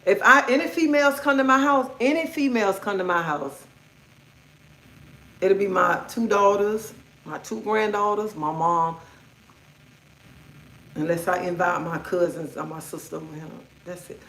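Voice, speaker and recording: A woman's voice: medium pitch, normal speed, pauses often, a bit bright. A middle-aged woman hosting a livestream, ranting in a blunt, outspoken way and swearing freely. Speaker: livestream host. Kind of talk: casual livestream rant. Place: indoors at home. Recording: echoey room.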